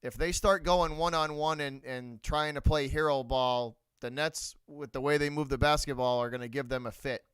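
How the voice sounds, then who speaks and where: A man's voice: mid-range voice, fairly even intonation, moderate pace, hardly any pauses, clean tone, no echo. A man with a Boston accent hosting a live sports reaction stream, talking bluntly and repeating his points. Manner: blunt, repeats himself, shouts out viewers. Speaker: livestream host.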